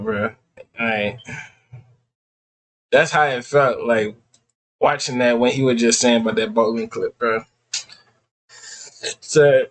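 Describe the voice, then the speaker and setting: A man hosting a reaction video at a middle pitch for a man. He talks loosely in slang and keeps calling his viewers son and bro. He breaks into easy laughs between remarks. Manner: laughs often. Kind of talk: casual reaction chat.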